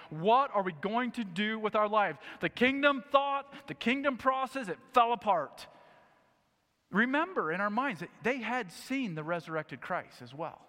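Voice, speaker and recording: A man preaching a sermon, reading scripture and acting out the story with lively asides. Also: sits high, in a large hall. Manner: animated storytelling, acting out scenes. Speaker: pastor.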